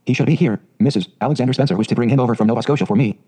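A man reading aloud and voicing a shy, awkward older farmer who speaks haltingly and helplessly. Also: medium pitch, mellow, breathy edge, natural voice.

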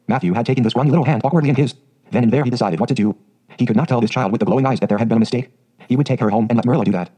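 A man narrates a storybook in a steady, scripted reading. He moves very fast, in a dark, mellow tone. The voice has a husky grain. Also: mid-range voice, low-quality recording. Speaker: audiobook narrator.

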